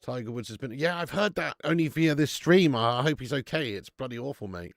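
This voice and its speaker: A man's voice: mid-range voice, expressive, fairly quick, creaky, dry recording, clean studio sound. A man hosting a live football watch-along, swearing and laughing as he bants with viewers in the chat.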